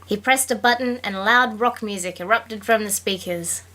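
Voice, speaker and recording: A woman guest reading passages from a book aloud on a casual podcast, in an even, middle-pitched voice. Her manner is dry, and she laughs along with her co-host. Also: normal speed.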